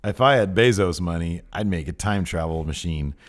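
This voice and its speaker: A man co-hosting a wrestling podcast in casual, joking chat, talking in quick animated bursts. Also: low voice. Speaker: podcast co-host.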